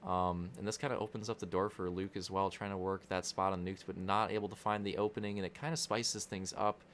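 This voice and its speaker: A man's voice: low-pitched, little pitch movement, fairly quick, a bit bright, a little hiss or hum. A young man giving casual, joking commentary on a video game race, rambling into crude asides.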